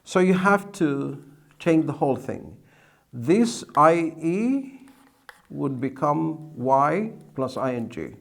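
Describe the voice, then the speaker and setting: A male teacher explains grammar slowly and deliberately, repeating key words. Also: on the high side, expressive, vocal fry. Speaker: English teacher. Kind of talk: explaining at a whiteboard.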